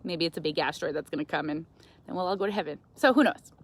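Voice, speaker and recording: A woman's voice: low voice, fast. Chatty woman giving a pep talk. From Canada. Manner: chatty, animated, reads viewer comments aloud. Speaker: guest speaker. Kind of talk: live-stream motivational chat.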